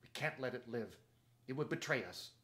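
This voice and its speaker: A man's voice: medium pitch, animated, moderate pace, a bit bright, natural voice. A man voicing a sour, hostile male dwarf who speaks harshly and insistently. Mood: cold.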